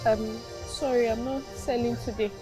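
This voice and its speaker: A woman's voice: on the high side, steady tone, moderate pace, music in the background, close to an everyday voice. A woman with a Nigerian accent playing a poor young orphan girl who begs and pleads. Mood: weak. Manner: pleading, begging.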